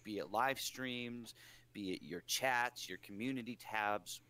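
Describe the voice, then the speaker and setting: A man co-hosting a casual podcast, animated and opinionated, fond of rhetorical questions. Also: fairly low pitch, unhurried.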